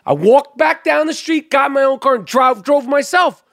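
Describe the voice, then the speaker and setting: High-voiced man, profane podcast host. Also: expressive, moderate pace, gravelly, a bit bright, dry recording, clean studio sound, faint music behind. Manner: profane, heated storytelling. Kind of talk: casual chat.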